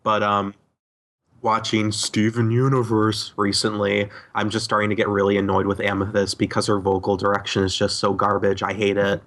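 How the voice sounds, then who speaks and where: Low-voiced man, dry and profane. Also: completely flat delivery, a bit bright. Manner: sardonic and profane, halting with many ums. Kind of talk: casual group podcast chat.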